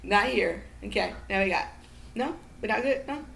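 A woman guest in casual podcast chat, telling profane, animated stories and acting out what people said. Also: on the high side, a little fast, vocal fry, slight background noise. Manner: animated, profane storytelling with acted-out quotes.

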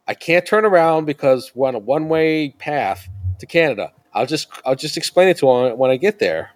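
A man in his thirties tells a story as a podcast guest, laughing often. His voice sits a little high and swings widely in pitch. His delivery is lively and chatty. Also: brisk. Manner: animated, laughing anecdote telling. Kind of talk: casual storytelling chat.

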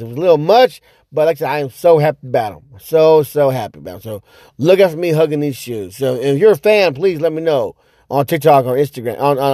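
A man hosting his own podcast, telling a story in a loose, rambling way, with many fillers and repeats, and loudly acting out his own reactions. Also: on the high side, dry recording, clean studio sound. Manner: animated, acts out his own past reactions with sudden loud outbursts. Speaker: podcast host. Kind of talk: casual storytelling monologue.

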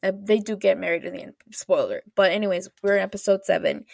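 A woman hosting a podcast, rambling through an animated, casual retelling full of fillers and restarts. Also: medium pitch, gravelly, no room sound, studio quality. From United States. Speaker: podcast host. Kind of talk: casual chat.

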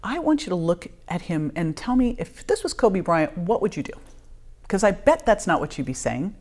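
Brief: middle-aged woman guest with a deep voice, lively storyteller who plays out each quote. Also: normal speed. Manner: animated, acts out quoted dialogue, laughs often. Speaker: podcast guest. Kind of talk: emotional personal storytelling.

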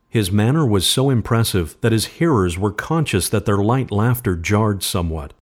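Brief: podcast host, storybook narration, measured, lowish. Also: male voice, lively intonation. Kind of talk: storybook reading.

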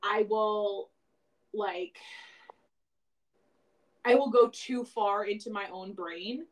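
A woman's voice: medium pitch, takes it slowly, poor audio. Rambling woman podcast co-host. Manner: rambling, many "like" fillers, reflective. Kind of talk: casual chat.

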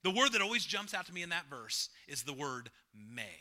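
A man's voice: high-pitched, big pitch swings, moderate pace, few pauses. A man preaching a sermon as pastor, repeating key phrases and joking with the congregation. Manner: emphatic preacher, repeats phrases, swings from loud to hushed; jokes with the congregation, asks questions.

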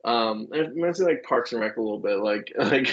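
A man's voice: mid-range voice, lively intonation, fairly quick, a bit bright, breathy edge, highs cut off. A man co-hosting a casual podcast chat, laughing often and full of fillers as he acts out quotes. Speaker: podcast co-host. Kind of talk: casual chat about comics.

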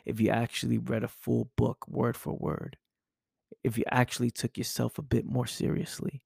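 A man's voice: medium pitch, level tone, normal speed, vocal fry, a little mellow, husky, no echo, studio quality. A man hosting a podcast and delivering an intense, preachy motivational monologue full of rhetorical questions. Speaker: podcast host.

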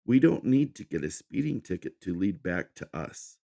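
A man voicing a calm, patient young woman who speaks in a measured way. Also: low voice, creaky, dry recording, clean studio sound, voice pushed up, heavily acted.

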